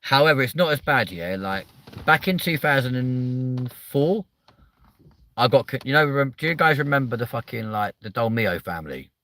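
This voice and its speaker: A young man hosting a livestream, chatting in a rambling, sweary way that jumps up in pitch when he gets riled. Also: lively intonation, moderate pace, bright, forceful tone. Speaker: livestream host. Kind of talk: casual livestream chat.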